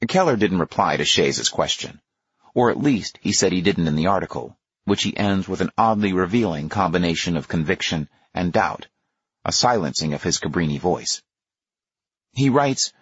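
A man with a husky voice giving a measured, expressive nonfiction audiobook narration. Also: low-pitched, no room sound, dull audio.

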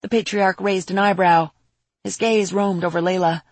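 Brief: breathy woman narrator, audiobook, measured, dry close sound. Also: mid-range voice, steady tone, no room sound. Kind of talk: audiobook narration of a fantasy story.

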